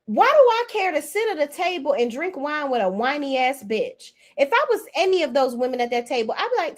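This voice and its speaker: Host, woman, 40s: blunt, mocking recap commentary with a high-ish, swinging voice. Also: fairly quick, few pauses. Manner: blunt, profane, sassy; mocking and animated, swings between high and low. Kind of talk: reality TV recap rant.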